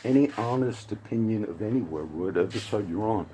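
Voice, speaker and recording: A man's voice: fairly low pitch, expressive, brisk, warm tone, slight background noise, low-quality recording. A man giving a casual, rambling spoken commentary with frequent restarts and asides. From grew up around Puerto Rican and Cuban friends.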